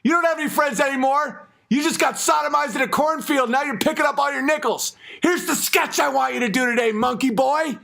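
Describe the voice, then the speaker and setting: A man voicing a cackling, taunting male media boss, shouting shrill mockery. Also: brisk, gravelly, few pauses, exaggerated voice.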